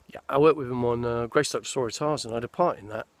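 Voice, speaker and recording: A man's voice: medium pitch, fast talker, no echo. A man in his sixties, an actor casually telling rambling stories of his film career outdoors in a forest. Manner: rambling, meandering storytelling with restarts. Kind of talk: casual anecdotal chat.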